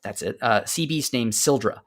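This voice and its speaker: Brief: podcast host, man, casual chat, lively quoted character voices. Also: mid-range voice, moderate pace. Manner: recapping a story with playful quoted voices. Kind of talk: casual game discussion.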